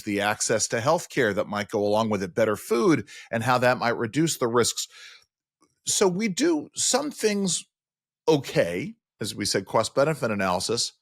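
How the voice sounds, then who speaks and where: A man with a New York accent hosts a podcast in a low voice. His questions wander and are full of fillers, and the recording sounds dry and close. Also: no echo. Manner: conversational, rambling questions, frequent fillers. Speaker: podcast host. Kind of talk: podcast interview.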